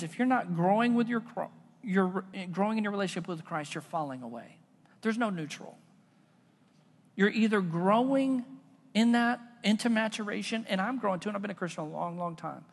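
A man's voice: high voice, lively intonation, normal speed, creaky. A man preaching a sermon as a pastor, in a casual, conversational style that mixes stories into his preaching. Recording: long reverb of a large hall.

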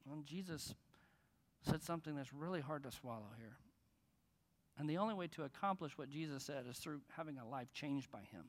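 A man's voice: on the high side, animated, brisk, in a large hall. A man preaching a sermon as pastor, conversational and joking with his congregation. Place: church in front of a congregation.

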